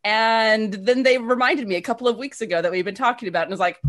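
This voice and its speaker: An American woman, a player in a tabletop game, chatting casually and excitedly with frequent laughs and restarts. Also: fairly high pitch, fast, few pauses. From United States.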